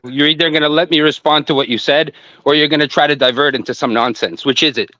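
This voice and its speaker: A male caller argues in a hostile, insulting way. His line sounds dull and dry, with no room around it. His pitch is in the middle for a man. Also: steady tone, fast talker, sharp tone, dry recording.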